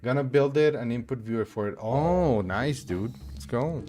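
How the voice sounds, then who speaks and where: A man's voice: mid-range voice, animated, normal speed, a little mellow, faint music behind. A man from Mexico chatting casually while streaming a game, rambling with many fillers and restarts. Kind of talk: casual chat while gaming.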